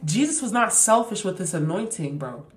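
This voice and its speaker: A young woman hosting a podcast, sharing a casual, heartfelt devotional reflection with slang and emphatic repeats, her voice going a bit hoarse. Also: mid-range voice, very animated, moderate pace, faint music behind. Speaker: podcast host.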